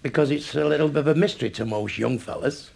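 A man's voice: a little high, fast, vocal fry, a little mellow. A man with a Mancunian accent doing a crude stand-up comedy routine, chuckling at his own punchlines.

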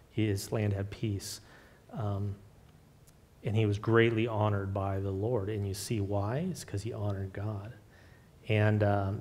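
A man preaching an informal sermon with personal testimony, earnest and halting, with many fillers and restarts. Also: a little mellow. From Oregon. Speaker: lay preacher. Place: church sanctuary. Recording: long hall reverb, faint rumble.

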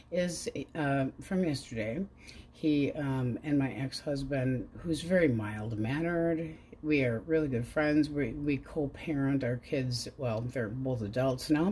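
A woman's voice: extremely low pitch, a little mellow. A middle-aged woman reading tarot cards, talking in a chatty, wry way and swearing freely. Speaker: tarot reader. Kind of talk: casual rambling chat.

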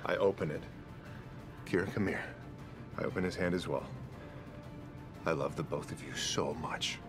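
A man's voice: sits low, moderate pace, music in the background. A man playing in a tabletop game, speaking earnestly and tenderly in character as a father. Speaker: player. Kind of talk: in-character role-play.

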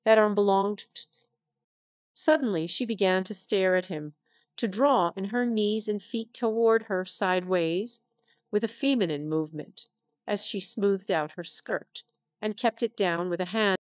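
A woman's voice: medium pitch, measured pace, dry recording. Synthetic woman narrator, dry close sound. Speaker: audiobook narrator. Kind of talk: scripted narration.

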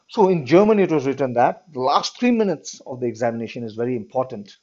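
A man's voice: medium pitch, very animated, quick pace, few pauses, darkish tone. A man teaching a class, reading a story aloud and explaining it, often checking in with "all right". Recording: dull lo-fi recording.

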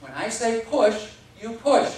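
A man's voice: very high-pitched, very animated, slow pace, full character voice. A man playing a smug, arrogant doctor. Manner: bossy, matter-of-fact instructions. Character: smug arrogant male doctor delivering a baby. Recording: echoey hall, distant mic, audience.

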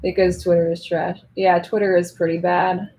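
A woman's voice: lowish voice, level tone, moderate pace, dark tone, a little hiss or hum. A woman hosting a casual home livestream, rambling and chatty, who speaks Russian as her first language. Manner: chatty and rambling, with many restarts. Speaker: livestream host signing autographs. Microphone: headphones.

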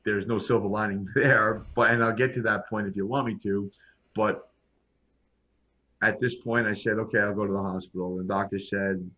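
In a casual interview with dull, lo-fi sound, a man shares his personal story as a podcast guest. His voice is fairly low with fairly even intonation and normal speed, and he's blunt and frank, often restarting sentences.

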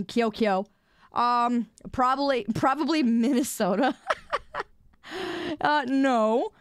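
A woman's voice: on the high side, takes it slowly, smooth, no room sound. A young adult woman live streamer in casual gaming chat, playfully teasing her viewers.

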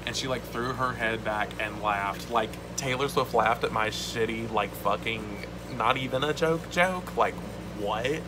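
A man telling a story to camera in casual vlog style, excited and swearing often, with lots of "like". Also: mid-range voice, unhurried, few pauses, background noise. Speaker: vlogger.

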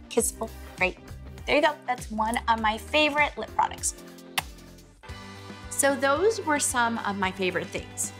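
A woman's voice: a little high, lively intonation, moderate pace, fairly bright tone, faint music behind. A woman in her forties hosting a casual lifestyle vlog, chatty and gushing as she shows off her favorite things. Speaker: vlog host.

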